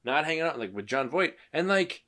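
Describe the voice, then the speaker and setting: Animated rambling man chatting. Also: brisk, a crowd in the background. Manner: rambling, lots of "like", animated swings in pitch. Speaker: podcast co-host. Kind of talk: casual chat about movies.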